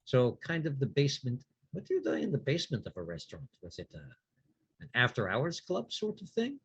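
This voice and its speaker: A man voicing a calm vampire character who patiently questions a ghost with a dry sense of humor. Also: mid-range voice, fairly quick, husky, no room sound, muffled recording, exaggerated voice. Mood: probing. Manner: patient, probing, dry wit.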